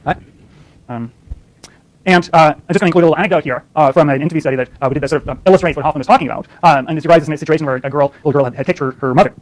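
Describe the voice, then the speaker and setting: A man's voice: a little high, very fast, poor audio. A man giving a university lecture, often stopping to ask "right?" and restarting his sentences. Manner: lots of fillers and restarts, asks "right?" often.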